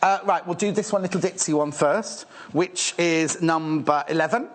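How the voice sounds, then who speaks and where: A British man presenting fabrics on a live TV shopping channel, rushed, gushing and a little out of breath. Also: on the high side.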